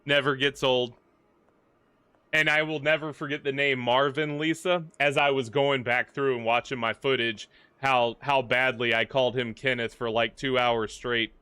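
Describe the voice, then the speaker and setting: A man's voice: mid-range voice, steady tone, normal speed, sharp tone, clean tone, no room sound. A man hosting a gaming livestream, chatting casually and joking with the game characters as he plays. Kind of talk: casual live commentary.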